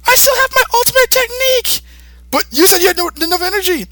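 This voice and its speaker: A man putting on a shrill, whiny voice for a cocky boy fighter in a cartoon recap. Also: lively intonation, fast talker, no echo, exaggerated voice. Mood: indignant. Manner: shrill, yelling.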